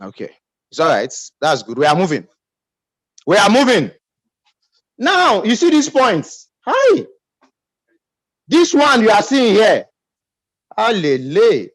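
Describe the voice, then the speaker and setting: Nigerian English man, team leader, emphatic pep talk, high and animated, dry sound. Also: normal speed, dry recording, low-quality recording. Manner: emphatic, calls for audience responses.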